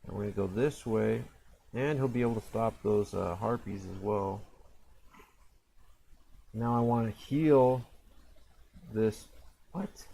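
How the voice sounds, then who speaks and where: A man's voice: lowish voice, slow pace, gravelly, long pauses, mellow, poor audio. A man casually commentating his own game, rambling and self-mocking, with frequent fillers and restarts. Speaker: gameplay commentator.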